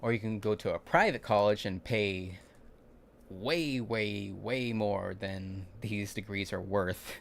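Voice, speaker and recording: Young guy w a lowish voice rambling about his crazy night at work on a livestream, acting out everyone's lines. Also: slow, vocal fry, a little hiss or hum. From California. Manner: rambling, animated retelling with acted-out quotes and frequent restarts. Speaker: vlogger recounting a work shift. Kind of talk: casual livestream storytelling.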